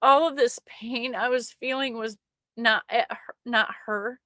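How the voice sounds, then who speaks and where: Emotional woman giving a halting testimony. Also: on the high side, steady tone, fairly bright tone, no room sound, clean studio sound. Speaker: trucker sharing a faith testimony. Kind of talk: personal testimony to an online audience.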